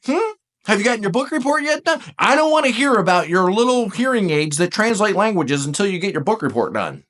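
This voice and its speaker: A man's voice: high-pitched, very animated, brisk, a bit bright, pitched above the performer's own voice. A man playing a nagging parent who scolds a child in a pestering, impatient way.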